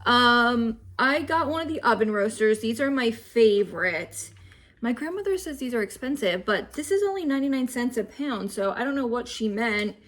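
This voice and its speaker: A young woman vlogger chats casually in her home kitchen about her grocery bargains, a bit out of breath as she unpacks her haul. Her voice is slightly high and expressive, fairly bright in tone, and she talks at a moderate pace.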